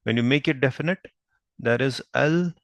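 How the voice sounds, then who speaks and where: A man's voice: mid-range voice, no echo. A man teaching Arabic grammar, patiently explaining each point and checking understanding with frequent questions. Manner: spells out Arabic terms slowly. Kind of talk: explaining lesson at a whiteboard.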